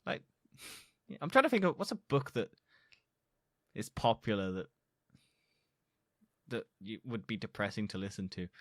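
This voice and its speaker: A man's voice: on the low side, very animated, unhurried, long pauses, a bit bright, dry recording, studio quality. A young man co-hosting a podcast, talking bluntly with crude asides in casual chat. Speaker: podcast co-host.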